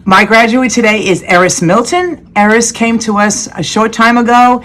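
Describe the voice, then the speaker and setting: A woman's voice: a little high, normal speed, fairly bright tone. A woman teacher giving heartfelt praise to her graduates over a video call. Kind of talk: speech to graduates.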